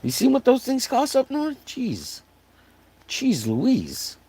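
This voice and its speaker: A man from Texas with a hoarse, wearing-out voice, chatting casually and jokingly to his live stream audience while riffing on catchphrases. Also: very high voice, huge pitch swings, slow pace, darkish tone. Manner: joking, rambling, riffs on catchphrases.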